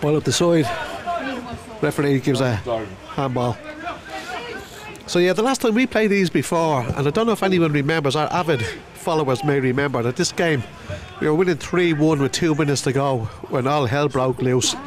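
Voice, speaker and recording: A fairly high-voiced man calls a rainy non-league football match from the stand. He chats, jokes and greets viewers by name as the game goes on outdoors. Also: normal speed, a crowd in the background. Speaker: club match commentator. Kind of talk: casual live football commentary. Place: outdoors at a football ground in heavy rain.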